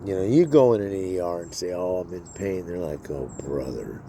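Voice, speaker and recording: A man's voice: deep voice, fairly quick, mellow, slight background noise. A man in his sixties talking bluntly and wearily in a rambling personal vlog, swearing freely. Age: 60s. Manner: blunt, profane, weary. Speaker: vlogger. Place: outdoors.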